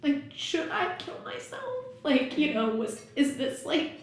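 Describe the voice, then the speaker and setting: A woman's voice: sits high, very animated, unhurried. A woman in her thirties, a podcast guest telling a personal story frankly, swearing freely and laughing often. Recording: very echoey room, faint noise.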